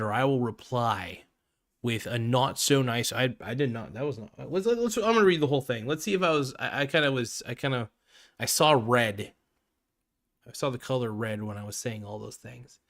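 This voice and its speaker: A man's voice: medium pitch, normal speed, fairly bright tone. A man hosting a podcast, ranting casually in a blunt, profane way and often cutting himself off mid-sentence. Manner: blunt, profane, self-interrupting. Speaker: podcast host.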